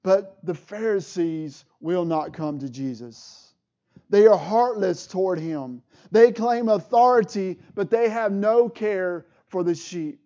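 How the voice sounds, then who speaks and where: A man with a high, mellow voice preaches a sermon at an unhurried pace, his delivery rising in emotional swells. The recording sounds dull and lo-fi. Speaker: pastor.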